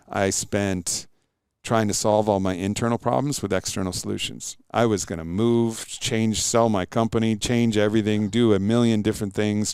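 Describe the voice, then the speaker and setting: Podcast guest, middle-aged man, smooth and resonant, earnest storyteller. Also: on the low side, darkish tone, no room sound, studio quality. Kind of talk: casual interview chat.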